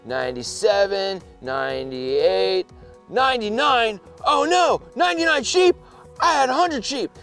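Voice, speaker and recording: A man's voice: high-pitched, lively intonation, slow, a bit bright, soft background music, full character voice. A man voicing a caring woman shepherd who calls anxiously for her lost sheep. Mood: worried. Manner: anxious, urgent calling.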